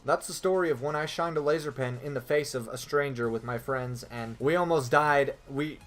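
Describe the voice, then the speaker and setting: A young man vlogger telling a story from his life in a loose, animated way, swearing often and jumping into high, screaming voices to act out scenes. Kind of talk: storytime vlog.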